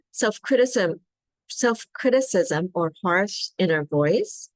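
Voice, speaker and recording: Gentle low-voiced woman guiding a practice. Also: a little slow, pauses often, no echo. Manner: gentle, coaxing, asks "right?" often. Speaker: wellness facilitator. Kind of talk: guided self-care practice.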